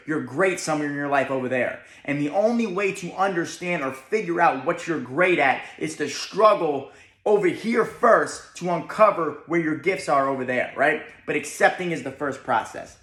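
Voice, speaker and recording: A man's voice: a little high, lively intonation, normal speed, a bit bright. A young man with a New Jersey accent giving an emphatic motivational talk, often checking in with "right?". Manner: emphatic, keeps asking "right?". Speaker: motivational speaker. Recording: echoey room.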